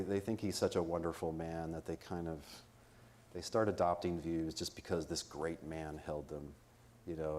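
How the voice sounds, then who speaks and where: Deep-voiced guy giving a laid back conference lecture, jokey and plain-spoken. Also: darkish tone, a little hiss or hum. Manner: conversational, joking, explains in plain terms. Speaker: conference speaker. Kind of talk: informal academic lecture. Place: conference venue.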